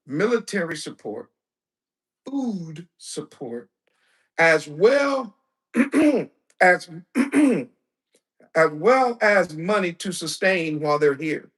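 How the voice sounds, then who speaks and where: A man preaching in a lecture-style sermon, with a high voice and an unhurried delivery. He drives his points hard, poses questions to his listeners, and now and then rises to a shout. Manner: emphatic, with rhetorical questions and bursts of shouting. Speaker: preacher and teacher.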